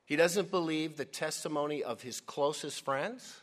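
Animated, emphatic male preacher. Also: on the high side, normal speed. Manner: animated, emphatic, addresses audience as "gang". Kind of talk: sermon.

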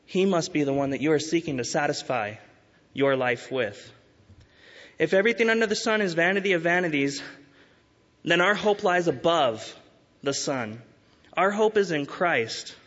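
A man's voice: fairly high pitch, lively intonation, a bit bright. Earnest man preaching in a reverberant hall. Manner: earnest, urging, with emphatic rises and slow stresses. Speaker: pastor. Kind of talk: sermon. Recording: dull sound with long hall reverb.

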